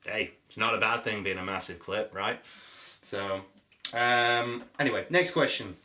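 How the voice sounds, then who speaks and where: A young British man with a sore throat and a cold, answering viewer questions in a rambling, jokey, deadpan way with many ums. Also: lowish voice, measured pace. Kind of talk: rambling casual Q&A.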